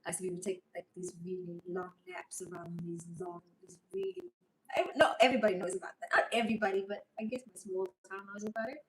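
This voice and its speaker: A woman's voice: medium pitch, steady tone, fast talker, few pauses. A woman chatting on a livestream, rambling and emotional. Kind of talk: casual livestream chat reading comments. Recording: voice a bit far from mic, faint noise.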